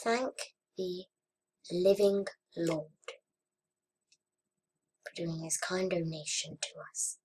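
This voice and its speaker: A young woman chatting casually over her gameplay, murmuring to herself and then bursting into frustrated shouts. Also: fairly low pitch, slow pace, pauses often, breathy edge. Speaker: gaming vlogger. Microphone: webcam or desk mic.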